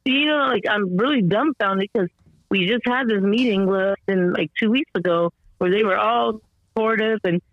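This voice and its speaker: Animated woman telling a story, lo-fi. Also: moderate pace, no room sound. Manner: animated, acts out the people she quotes with rising pitch; rambling with many fillers and restarts. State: voice slightly strained. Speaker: podcast guest, mother of an autistic son. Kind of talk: conversational storytelling interview. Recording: dull lo-fi dry sound.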